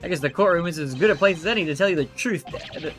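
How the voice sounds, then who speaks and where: Earnest young male prosecutor, read by a man. Steady, sincere. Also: a little high, fast talker, faint music behind, natural voice.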